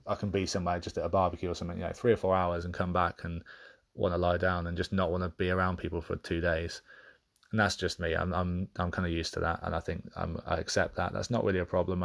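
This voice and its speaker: A man with a deep, low voice speaks on his own podcast. He is candid and reflective, often pausing and restarting mid-thought as he works out what he means. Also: vocal fry. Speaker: podcast host. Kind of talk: reflective personal monologue.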